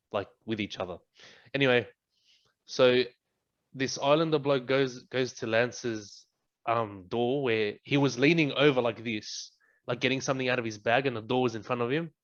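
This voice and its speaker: A young man with an Australian accent, a guest in a casual chat, who tells stories with deadpan jokes. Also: mid-range voice, normal speed. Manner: deadpan joking, animated storyteller. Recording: dull lo-fi audio.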